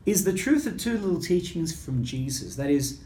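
A man, a Catholic priest, telling a personal story in a lively way and acting out the lines of the people in it. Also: sits high, normal speed, a little hiss or hum. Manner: lively storyteller who acts out quoted dialogue. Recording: roomy echo with faint ambience.

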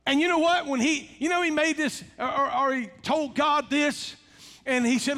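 Male pastor, high-pitched, lively sermon delivery, churchy reverb. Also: normal speed, long pauses. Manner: animated preaching, drops to soft hushed tones for quoted words. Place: church sanctuary. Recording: long hall reverb, faint music.

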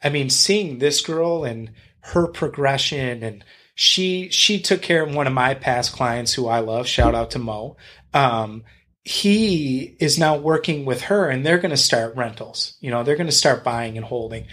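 A man's voice: mid-range voice, animated, a little slow, a bit bright. A man being interviewed on a podcast as a real estate agent and investor, talking in a blunt, rambling, enthusiastic way and swearing freely.

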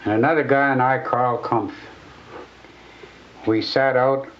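A man's voice: mid-range voice, fairly even intonation, measured pace, a little hiss or hum. An older man, a war veteran, recalling events in a plain-spoken, blunt way. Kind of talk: recollection in interview. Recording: muffled lo-fi radio recording.

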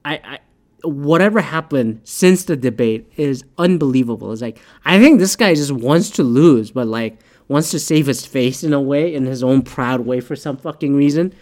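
A man ranting casually in a profane, rambling, exasperated way, often halting and restarting his sentences. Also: mid-range voice, lively intonation, darkish tone. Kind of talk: casual political rant.

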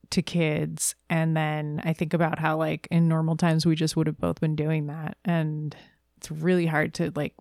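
Woman, thirties, lowish, vocal fry, frank casual chat, dry close sound. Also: a little mellow, dry recording. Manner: frank and emphatic, with casual swearing. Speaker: podcast co-host.

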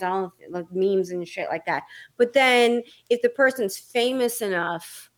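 A woman co-hosting a podcast in casual chat, excitable and quick to laugh, swearing freely and rushing some thoughts out in fast bursts. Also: on the high side. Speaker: podcast co-host.

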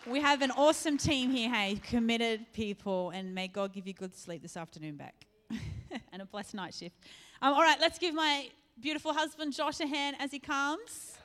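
A woman's voice: sits high, moderate pace, slight background noise. A woman giving friendly, joking announcements to a church congregation. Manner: warm, joking, encouraging. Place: church hall.

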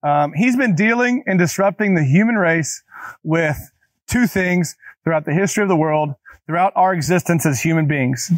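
A man's voice: on the high side, normal speed, no echo. A man preaching a conversational sermon, talking straight to his listeners and repeating key phrases for emphasis. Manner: casual, talks directly to listeners. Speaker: pastor.

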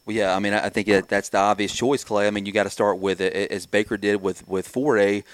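A man's voice: lowish voice, level tone, fairly quick, smooth, no echo. A man talking as a sports analyst, breaking down football in a fluent, colloquial, analytical way. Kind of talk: casual sports talk.

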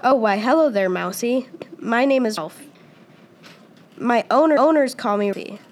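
A woman's voice: on the high side, normal speed, close to an everyday voice. A woman voicing a friendly, chatty male house cat who talks eagerly and stumbles over his words in a read-aloud story.

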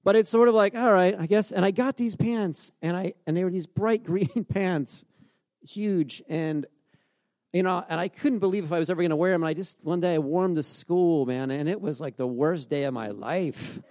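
A man's voice: sits high, normal speed, a little mellow, no echo, clean studio sound. A man in his forties giving a sermon in a casual, storytelling way, often restarting his sentences. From grew up by the beach. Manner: conversational, storytelling with many restarts. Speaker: pastor.

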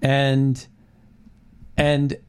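A man hosting a political commentary show, excited and rambling, with frequent restarts. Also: medium pitch, extremely slow, clean tone. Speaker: show host.

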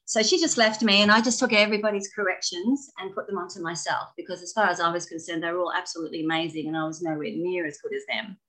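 Lively storytelling woman, lowish voice. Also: fast talker, few pauses, low-quality recording. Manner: animated, laughing, expressive storyteller. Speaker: guest, former ballet dancer. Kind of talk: storytelling in a casual interview.

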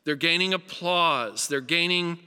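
A man preaches with an earnest, emphatic delivery, his bright, forceful tone carrying through a hall with a long reverb. His voice sits a little high for a man, and he hammers his points home by repeating them. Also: a little slow, clean tone. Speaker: pastor. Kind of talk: sermon.

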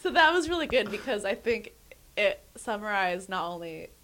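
A woman talking in a relaxed podcast chat, a museum educator telling laughing stories and acting out quoted voices. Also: medium pitch, moderate pace. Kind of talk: casual chat.

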